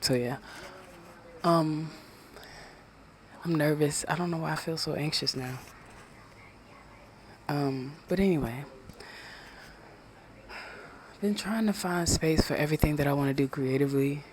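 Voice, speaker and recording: A podcast host talking low and rambling at home at night, winding down, swearing freely into a small handheld microphone. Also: a little slow, pauses often, a little hiss or hum. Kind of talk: casual late-night solo podcast. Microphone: small handheld USB microphone.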